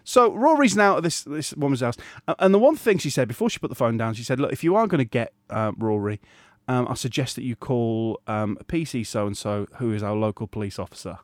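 Podcast co-host, middle-aged, lively storyteller, dry close sound, swoops in pitch. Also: male voice, a little fast, dry recording. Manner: animated anecdote-telling, laughs often, acts out quoted voices. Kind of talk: casual storytelling chat.

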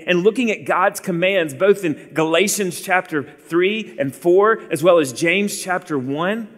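A man's voice: fairly high pitch, a bit bright, in a large hall. A man in his forties preaching an earnest sermon, calling his listeners beloved.

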